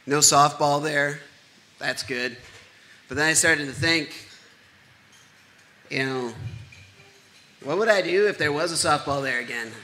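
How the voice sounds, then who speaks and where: A man's voice: fairly high pitch, a little slow, long pauses, pushed and bright, slight background noise. A man in his thirties telling a true personal story live on stage, candid and conversational with self-deprecating humor.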